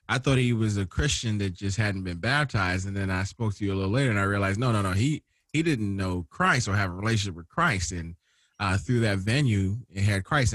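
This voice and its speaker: A man's voice: fairly low pitch, a bit bright, no echo, clean studio sound. A man co-hosting a church podcast, chatting in a playful, joking way. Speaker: podcast co-host. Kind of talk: casual church podcast chat.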